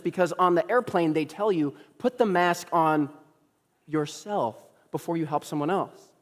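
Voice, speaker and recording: A man's voice: a little high, moderate pace. A young adult man, a young adults pastor, preaching a sermon as a story with humorous asides and acted-out dialogue. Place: church sanctuary. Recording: long hall reverb.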